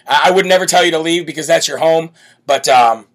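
A man's voice: on the high side, a little fast. A man hosting a live political commentary show, speaking in a brash, bold, emphatic way. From United States. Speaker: political talk show host.

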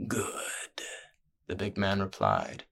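Low, even-toned male fantasy narrator. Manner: measured, even storytelling.

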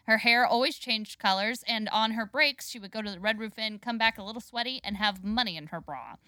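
A woman telling a comic story in casual chat, animated and quick to laugh. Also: a little high, no echo.

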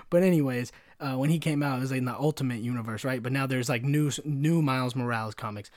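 A man's voice: medium pitch, fairly quick, few pauses, dry recording, clean studio sound. A young man hosting a solo podcast, rambling through stories with frequent laughs and acting out the voices of people he quotes. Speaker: podcast host. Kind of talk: casual solo podcast storytelling.

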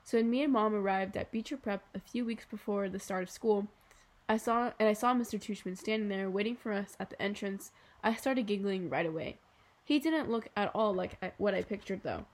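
A woman narrating a children's novel aloud in an even, unhurried reading. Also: mid-range voice. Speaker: audiobook narrator. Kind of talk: scripted narration.

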